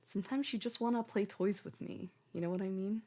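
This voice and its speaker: A woman's voice: medium pitch, brisk, a little mellow, slight background noise. A young woman streamer chatting casually with her viewers and cooing baby-talk at her cat.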